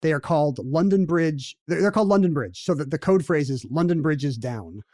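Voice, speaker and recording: A man with a slightly higher voice than most, co-hosting a casual chat podcast. He talks in a wry, jokey way and drifts off on tangents. The sound is dry and close, with no room echo. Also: animated, a little fast, a little mellow. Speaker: podcast co-host.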